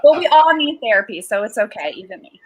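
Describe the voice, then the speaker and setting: A woman's voice: on the high side, big pitch swings, fast, low-quality recording. Woman therapist explaining feelings. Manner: warm, explanatory, laughs easily. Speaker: therapist guest. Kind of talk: casual chat.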